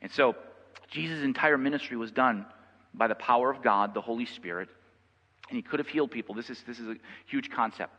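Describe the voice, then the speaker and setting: A man preaching a sermon as pastor, conversational and repeating himself, rising to loud passionate stretches. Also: medium pitch, brisk, husky. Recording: long reverb, dull lo-fi sound.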